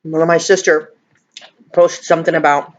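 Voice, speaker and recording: A woman's voice: low voice, fairly even intonation, normal speed, dull audio. A woman, chatting casually and emotionally in a rambling, confiding vlog while eating. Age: 50s. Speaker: vlogger.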